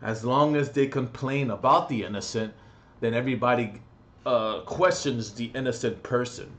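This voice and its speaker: A young man ranting angrily on his vlog, profane and agitated, with sudden loud outbursts. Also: medium pitch, moderate pace, a little hiss or hum. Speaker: vlogger.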